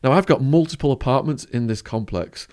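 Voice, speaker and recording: English guy on a podcast, spinning a wild story, does little voices for the people in it, mid pitch. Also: a little fast, a little mellow. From England. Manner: vivid storyteller, acts out quoted voices. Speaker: podcast guest. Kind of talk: storytelling interview.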